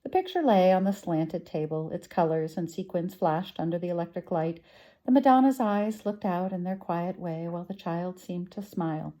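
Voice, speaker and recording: A woman storyteller reading a children's book aloud with a gentle, expressive manner. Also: fairly low pitch, moderate pace.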